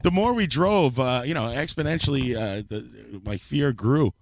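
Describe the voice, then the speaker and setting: A man's voice: medium pitch, animated, moderate pace, gravelly, a little hiss or hum. A man telling a long story in casual, profane chat on a podcast, speaking close to the mic. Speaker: podcast co-host.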